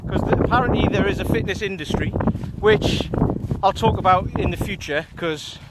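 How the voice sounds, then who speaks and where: A man's voice: high voice, normal speed, heavy background noise. A man, out of breath, talking casually and rambling as he walks outdoors with a phone held in his hand. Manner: rambling, repeats himself, chatty. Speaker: kettlebell coach. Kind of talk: casual walking vlog. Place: outdoors on a walk.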